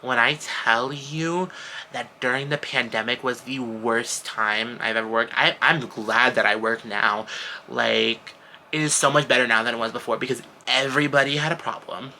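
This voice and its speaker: Teenage man, casual vlog, very bright tone, animated exasperated delivery, faint background hiss. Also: moderate pace, vocal fry, rough recording. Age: teens. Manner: animated, exasperated storytelling with big pitch jumps. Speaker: vlogger. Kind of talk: casual chat to camera.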